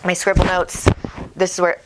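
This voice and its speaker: A woman's voice: on the low side, monotone, normal speed, noisy background. Bubbly woman chatting on a livestream. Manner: bubbly, chatty, reads out viewer comments. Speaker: psychic medium host. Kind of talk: casual livestream chat. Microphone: desk microphone.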